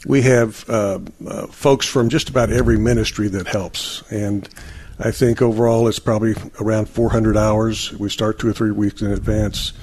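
Hesitant volunteer. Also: male voice, fairly low pitch, fairly even intonation, normal speed, darkish tone. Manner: hesitant, many fillers. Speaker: parish volunteer. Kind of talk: radio interview guest.

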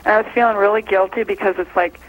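A woman's voice: mid-range voice, steady tone, fast talker. A woman from Minnesota calling in to a religious show, talking in a gushing, rambling, earnest way. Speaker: caller. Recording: caller over a phone line.

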